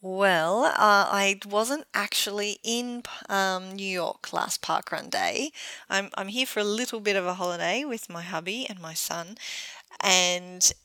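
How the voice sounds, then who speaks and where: A woman's voice: medium pitch, unhurried, pushed and bright, dry recording, rough recording. A woman, co-hosting a podcast in casual, chatty talk, laughing often and poking fun at herself. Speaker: podcast co-host. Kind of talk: casual chat.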